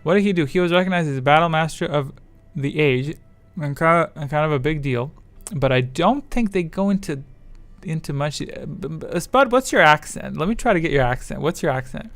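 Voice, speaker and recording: A man's voice: a little high, lively intonation, fairly quick, hardly any pauses, fairly bright tone, dry recording, soft background music. A man streaming live, rambling in casual chat, swearing freely and reading viewers' messages aloud.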